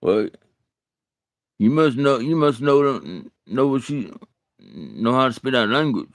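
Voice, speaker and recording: A man from Alabama with a Southern American accent, hosting a casual livestream, chatting with viewers in a halting, folksy way and often repeating his words. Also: medium pitch, animated, no echo, studio quality. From Alabama, USA. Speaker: livestream host. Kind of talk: casual livestream chat answering comments.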